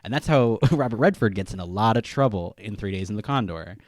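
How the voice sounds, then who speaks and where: A man's voice: on the low side, lively intonation, brisk, darkish tone, no echo, studio quality. A man co-hosting a podcast, rambling casually about movies and acting out lines. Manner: rambling, fillers, acts out quotes. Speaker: podcast co-host. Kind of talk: casual film discussion.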